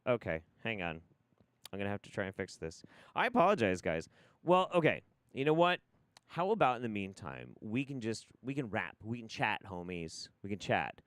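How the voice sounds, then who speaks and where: A man's voice: low voice, sing-song, normal speed, a bit bright, clean tone, no echo. A man hosting a live stream, talking casually in a profane, exasperated, rambling way.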